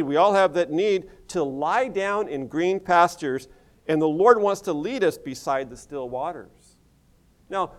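A middle-aged man from the United States preaching to a congregation. He talks in a chatty, folksy way, tossing in asides as he goes. His voice sits a little higher than most men's. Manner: conversational, folksy, with asides like "you know". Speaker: pastor and missions director. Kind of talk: sermon.

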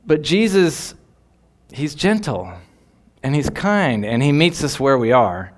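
A man giving devotional Bible teaching in an earnest, reflective way, lingering on key phrases. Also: mid-range voice.

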